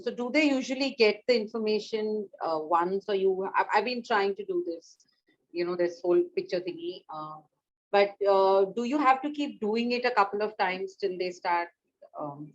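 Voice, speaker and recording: A woman on a group call asking the facilitator questions hesitantly, with many fillers, trailing off quietly. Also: medium pitch, dull audio.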